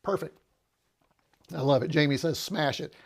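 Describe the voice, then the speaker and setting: A man hosting a relaxed livestream, chatting to viewers in a rambling, easygoing way and often pausing on "uh". His voice sits a little high and carries a gravelly edge. He sounds slightly out of breath, and he is picked up close on a small lapel mic. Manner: chatty, rambling, with frequent "uh" and restarts. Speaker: livestream host. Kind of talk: casual livestream chat.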